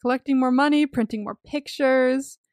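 A woman's voice: sits high, normal speed, darkish tone, no echo, clean studio sound. A young woman co-hosting a casual movie recap podcast, chatty and full of fillers, laughing often. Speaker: podcast co-host.

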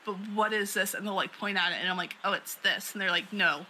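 A woman's voice: medium pitch, fairly even intonation, fast talker, sharp tone, a little hiss or hum, poor audio. A woman co-hosting a podcast in casual chat, rambling with many fillers and frequent laughs. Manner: rambling, lots of "like" and "um", laughs often. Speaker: podcast co-host.

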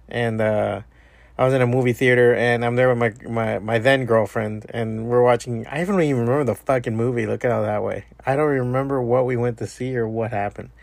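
A man's voice: mid-range voice, steady tone, fairly quick, vocal fry, no echo. A man hosting a podcast, telling a rambling, profane story in a casual monologue. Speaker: podcast host.

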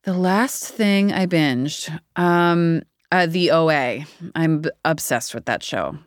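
A woman's voice: low-pitched, slow pace, dry recording, studio quality. A woman in her thirties, an actor guest chatting candidly in a rambling interview, laughing often. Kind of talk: casual interview chat.

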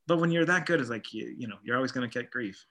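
Comedian guy on a podcast, bright tone, chatty, laughs a lot. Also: medium pitch, animated, fast talker. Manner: chatty, laughs easily, runs through lists. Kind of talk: casual chat.

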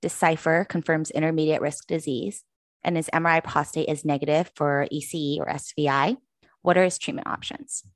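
A woman with a very low voice co-hosts a podcast on a close, dry mic. She presents exam cases in a clear, measured way. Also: fairly even intonation, dry recording. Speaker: podcast co-host.

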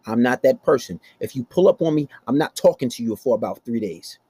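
Cussing dude going off with dating advice, warm husky voice, dead dry sound. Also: male voice, mid-range voice, expressive, a little fast, dry recording. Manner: aggressive, blunt, heavy cursing. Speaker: host. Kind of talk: profane relationship-advice rant.

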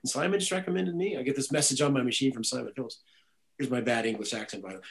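Speaking at a racing pace with a medium-pitched voice, a man who works as a guitarist and music director tells rambling, animated stories in a casual interview, frequently restarting. The audio quality is poor.

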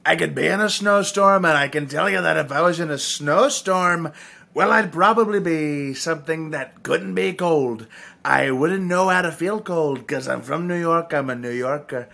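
A man's voice: a little high, normal speed, vocal fry, bright, forceful tone, heavily acted. A man putting on a rambling, boastful politician voice for a comic impression during podcast banter. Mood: blustering.

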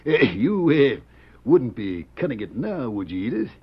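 An actor playing a folksy, blustery frontier sheriff in a 1940s radio play, drawling with hesitant uhs. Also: male voice, mid-range voice, very animated, moderate pace, slightly rough. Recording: dull old radio recording with faint hiss.

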